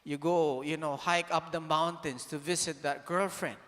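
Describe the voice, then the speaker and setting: A man with a slightly high voice gives an animated motivational talk, throwing rhetorical questions at the crowd and now and then breaking into a shout. His voice rings out with a long reverb, as if he were in a large hall. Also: normal speed. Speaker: speaker.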